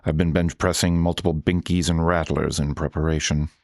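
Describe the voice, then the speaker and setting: Man doing Baby New Year, deep American voice, calm, matter-of-fact, dry sound. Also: fairly quick, no echo. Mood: earnest. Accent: General American. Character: Baby New Year, newborn year with a grown man's voice, calm and pragmatic.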